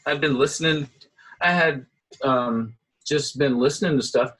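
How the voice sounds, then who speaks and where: Guest: middle-aged man, husky voice, lively storyteller who acts out the people he quotes. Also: mid-range voice, normal speed, rough recording. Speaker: interview guest, guitarist. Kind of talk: casual storytelling.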